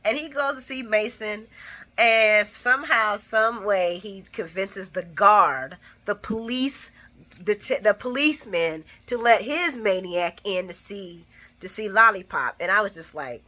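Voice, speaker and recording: A woman hosting a casual soap opera recap, animated and blunt, laughing often and acting out the characters' lines. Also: medium pitch, measured pace. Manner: blunt and profane. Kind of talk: casual spoken episode recap.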